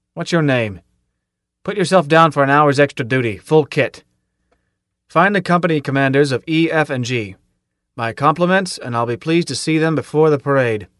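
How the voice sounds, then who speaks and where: A man voicing a gruff army captain who barks clipped orders. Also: a little high, a bit bright, no room sound, studio quality, natural voice. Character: gruff barking army captain, commanding officer.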